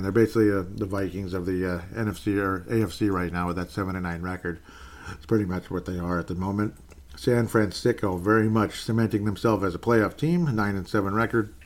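A sports commentator delivers a casual solo recap of NFL games, wry and prone to correcting himself. His voice is fairly low in pitch with a darkish tone.

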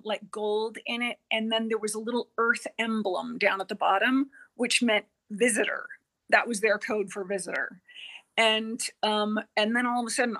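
A woman guest on a podcast telling a personal experience, earnest and halting, with many fillers and quoted dialogue. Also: on the high side. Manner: earnest, halting, with frequent fillers and self-corrections; quotes herself and others in lively dialogue.

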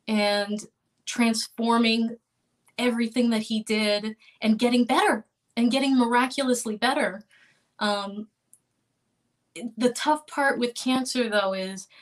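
Earnest woman telling a painful story. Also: a little high. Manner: earnest, halting, with restarts and soft laughs. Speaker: interview guest. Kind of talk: emotional personal storytelling.

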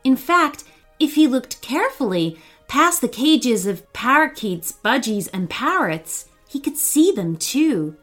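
A woman narrating a children's story in an expressive, animated way. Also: high voice, measured pace, soft background music.

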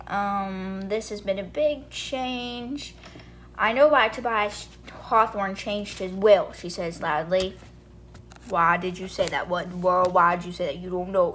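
A young woman hosting a book podcast, casually retelling chapters and reading quoted lines aloud, with lots of fillers like "like" and "and then she's like". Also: mid-range voice. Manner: chatty, filler-heavy retelling with quoted dialogue.

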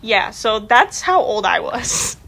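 A woman in her twenties co-hosting a podcast, talking softly and hesitantly with trailing fillers. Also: on the high side, big pitch swings, slow pace, vocal fry. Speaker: podcast co-host. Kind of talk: casual chat.

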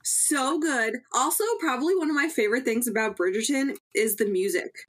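A woman host chatting casually, excitable and quick to gush. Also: fairly high pitch. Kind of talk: casual chat.

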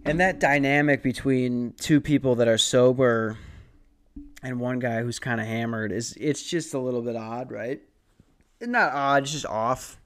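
A young man hosts his podcast alone, rambling loosely through a story with plenty of swearing and jokes at his own expense. His voice is smooth and resonant, sitting in a middle pitch. He sounds worn out from too little sleep. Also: unhurried, a bit bright. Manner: profane, self-deprecating, rambling. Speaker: podcast host. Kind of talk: casual rambling monologue.

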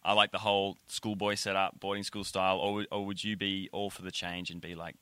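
Deep-voiced man hosting a casual chat. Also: level tone, brisk, fairly bright tone, clean tone, no room sound. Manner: loose and rambling, heavy on "like" fillers. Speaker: podcast host.

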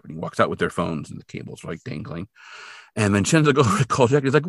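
Talking fast in a medium-pitched voice, this man co-hosts a laid-back podcast and animatedly retells an episode. He leans on lots of fillers and briefly voices the characters he quotes; the sound is clean studio quality with no room echo.

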